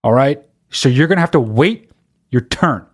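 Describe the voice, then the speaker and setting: A man's voice: medium pitch, expressive. A man hosting a solo podcast, rambling in casual talk and swearing freely. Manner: rapid, profane, rambling. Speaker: podcast host.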